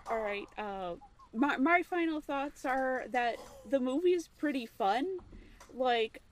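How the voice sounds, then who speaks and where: A woman's voice: sits high, expressive, slow pace. A young woman on a casual podcast, speaking hesitantly with many fillers.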